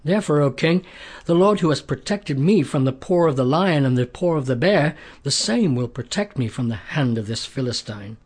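A man voicing a brave, faithful young shepherd who speaks earnestly and boldly in a storybook reading, in a husky voice. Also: a little high, expressive, moderate pace, darkish tone. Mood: confident. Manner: earnest, bold.

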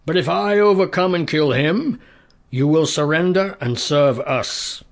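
A man doing a jeering giant warrior, husky. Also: fairly high pitch, a little slow, pitched above the performer's own voice. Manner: taunting, mocking. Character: boastful giant male warrior, jeering and menacing.

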